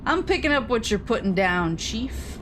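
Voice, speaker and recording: A woman's voice: fairly high pitch, sing-song, moderate pace, noisy background. Chatty young woman streaming a game. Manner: rambling storytelling, laughs often. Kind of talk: casual game-stream chat.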